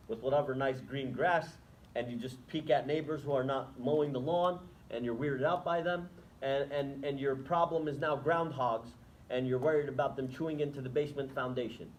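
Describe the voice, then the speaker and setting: A man's voice: medium pitch, fairly even intonation, moderate pace, slight background noise, low-quality recording. A man giving an Islamic lecture to students, talking conversationally and asking the audience rhetorical questions, then taking questions. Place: lecture room.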